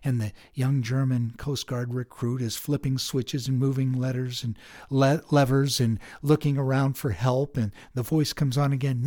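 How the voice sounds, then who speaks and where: A middle-aged man hosting a meditation podcast, telling a story in a measured, thoughtful way. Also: mid-range voice, steady tone, dark tone. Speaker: podcast host. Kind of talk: reflective spoken meditation.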